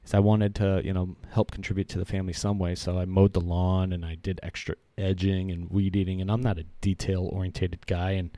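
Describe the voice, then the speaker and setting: A man's voice: sits low, flat delivery, fairly quick, few pauses, mellow, no echo. A man in his thirties telling a personal story in a casual, earnest way, rambling with many fillers and restarts.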